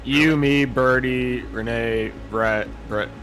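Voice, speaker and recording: A man's voice: mid-range voice, fairly even intonation, slow pace, a bit bright, soft background music, rough recording. A man playing in a tabletop game, bantering in a casual, crude way. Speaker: player.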